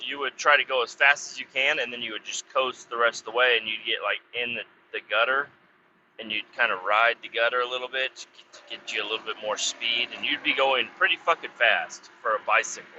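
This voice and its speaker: A man's voice: mid-range voice, a little fast, sharp tone, slight background noise. A man hosting a podcast, telling a meandering story in a casual way, swearing often and correcting himself as he goes. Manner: profane, meandering, self-correcting. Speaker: podcast host. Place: outdoors beside a road. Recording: slightly muffled, dull recording.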